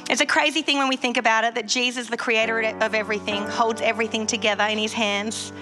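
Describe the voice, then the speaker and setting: A woman giving an earnest devotional sermon, stressing points by repeating phrases. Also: a little high. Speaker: Christian devotional speaker.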